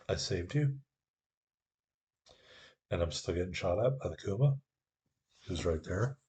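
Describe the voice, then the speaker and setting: A man's voice: sits low, lively intonation, unhurried, pauses often, a little mellow, slightly rough. A man giving a sarcastic, wry voice-over commentary on his own gameplay.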